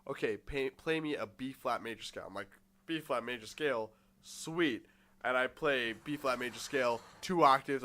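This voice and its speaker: A man's voice: mid-range voice, sharp tone. A young man chatting casually, telling a rambling story with swearing and quoted voices. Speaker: podcast guest.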